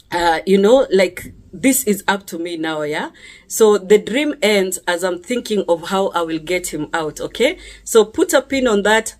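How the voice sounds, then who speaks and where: Kenyan woman, earnest testimony storyteller, mid-range voice, keeps adding "yeah?". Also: medium pitch. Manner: earnest, with frequent "yeah?" tag questions and restarts. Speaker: speaker sharing a personal testimony.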